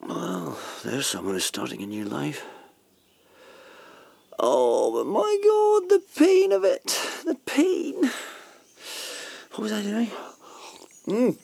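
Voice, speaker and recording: A husky, gravelly rogue in a radio play, guilt-ridden and charming. His pitch leaps and falls widely as he swings between pleading and wry, self-mocking jokes. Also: big pitch swings, normal speed, heavily acted. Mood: anguished. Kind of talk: radio drama acting.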